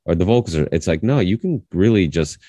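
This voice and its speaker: A man in his thirties hosting a podcast, telling a story in a rambling, animated way full of restarts. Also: sits low, a little fast, no echo. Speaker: podcast host. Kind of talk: casual conversation.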